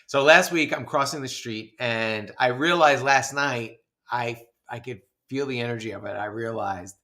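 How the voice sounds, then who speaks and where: Speaking at an ordinary pace in a mid-range voice, this man co-hosts a podcast and recounts a story casually. He reenacts his own yelling with lots of energy and laughs as he goes.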